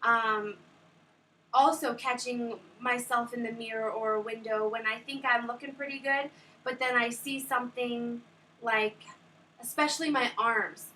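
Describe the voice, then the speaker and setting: A woman's voice: a little high, steady tone, measured pace, sharp tone. A woman vlogger talking candidly to the camera in a casual, chatty way, with lots of fillers. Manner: candid, conversational, many fillers. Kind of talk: casual confessional chat. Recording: distant camera mic, faint hiss.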